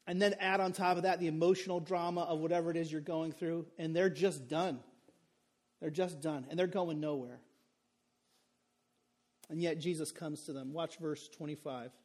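A man preaching a sermon in a relaxed, conversational way, often checking in with the listeners with "okay?" and "right?". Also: sits high. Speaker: pastor.

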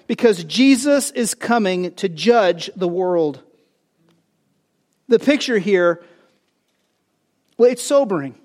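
A male pastor preaching a sermon, animated, building to loud emphatic phrases and dropping into joking asides. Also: extremely high pitch.

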